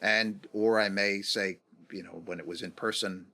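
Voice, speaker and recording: A man in his fifties, a guest on a podcast interview, talking reflectively and acting out quoted dialogue with lively swings in pitch. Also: normal speed, vocal fry. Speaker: guest, negotiation executive.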